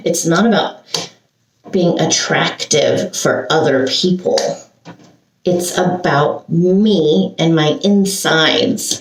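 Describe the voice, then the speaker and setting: A woman's voice: low-pitched, a little hiss or hum. An older woman from Santa Cruz, California, vlogging as she gets ready and talking in a rambling, emotional way with sighs and restarts. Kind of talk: get-ready-with-me chat. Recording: roomy echo, heard from a distance.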